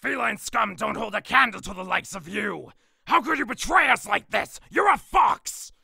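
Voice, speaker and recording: A man's voice: deep voice, sing-song, normal speed, sharp tone, dry recording, clean studio sound, full character voice. A man voicing a stern male fox general and protective father in an audio drama, commanding and harsh. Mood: furious.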